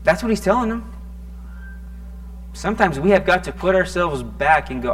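A man's voice: high-pitched, moderate pace, long pauses. Conversational man preaching a sermon. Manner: conversational, self-deprecating, animated with stuttering restarts. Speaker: pastor.

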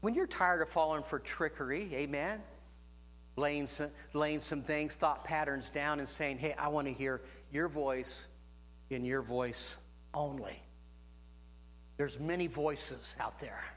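A man's voice: fairly high pitch, measured pace, fairly bright tone. A man preaching a sermon to a congregation, stretching phrases for emphasis and punctuating them with amens. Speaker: pastor. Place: church room with congregation.

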